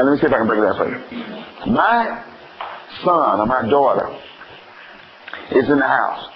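Lively preacher man, dull lo-fi sound. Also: medium pitch, a little hiss or hum. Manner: calls for answers from the congregation; acts out homespun family scenes. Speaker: pastor. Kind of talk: sermon. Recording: slightly dull lo-fi church recording.

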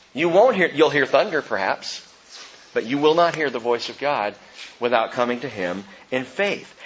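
Animated preaching man, lo-fi sound. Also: on the high side. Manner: animated, rhetorical questions, reading scripture aloud. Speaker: pastor. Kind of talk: sermon.

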